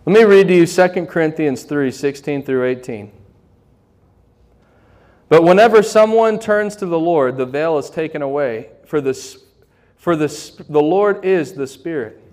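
A young adult man preaching a fervent sermon as pastor, slowing down to stress key lines. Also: on the high side, animated, a little mellow.

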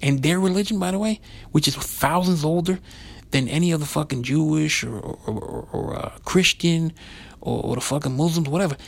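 A man with a slightly high, gravelly voice and a husky edge, recorded close and dry. He rambles through a profane comic rant and leans on "you know" at nearly every turn. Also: normal speed.

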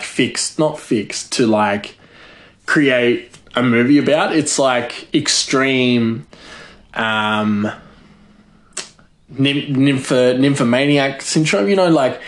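A man chatting casually to viewers. He rambles, giggles and fills his talk with "like". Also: medium pitch. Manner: rambling, giggly, filler-heavy. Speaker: vlogger. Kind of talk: casual chat. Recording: echoey room.

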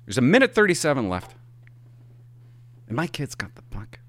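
A middle-aged man tells a casual, rambling story, his pitch leaping up and dropping low as he gets carried along. He swears for emphasis and backtracks as he talks. The sound is dry and close, with no room echo. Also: wildly swooping pitch, moderate pace. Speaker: hockey parent.

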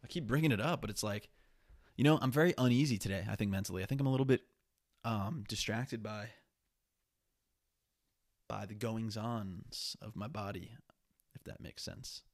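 A young man talks through his day in a loose, profane solo podcast monologue. His voice sits low and has a gravelly fry to it. He sounds restless and slightly sniffly, and the sound is close and dry with no room echo. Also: moderate pace, pauses often. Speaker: podcast host.

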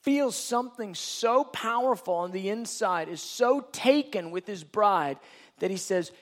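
High-voiced preacher, emphatic and repetitive. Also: male voice, animated, unhurried, fairly bright tone. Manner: emphatic, repetitive, rhetorical questions. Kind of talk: sermon.

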